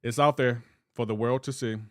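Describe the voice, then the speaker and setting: A gaming streamer from the Southern United States, with a light accent, chats casually on a live stream and reacts to his viewers' messages. His mid-range voice holds a steady tone at normal speed, recorded in clean studio sound with no room ambience.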